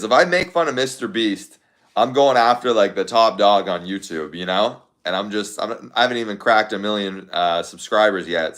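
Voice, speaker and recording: A young man casually chatting to his viewers, thinking aloud in a rambling way with lots of fillers. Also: fairly low pitch. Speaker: content creator.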